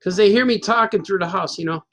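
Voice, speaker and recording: A man's voice: high voice, fast talker, faint music behind. A man in his fifties telling a rambling, self-mocking story in a casual chat as a cartoonist host. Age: 50s. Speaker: cartoonist hosting a stream.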